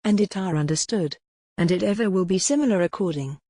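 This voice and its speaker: Synthetic woman reading a gentle blacksmith. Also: lowish voice, brisk, no echo, clean studio sound, lightly acted. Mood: plain. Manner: even, machine-read delivery. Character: plain-spoken gentle male village blacksmith.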